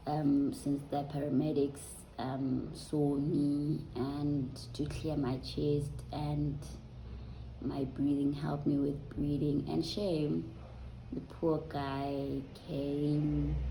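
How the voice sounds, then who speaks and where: A woman vlogs a personal story in a low, mellow voice. She talks slowly and casually, trailing off with soft ums. The sound has a roomy echo. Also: creaky, slight background noise. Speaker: vlogger.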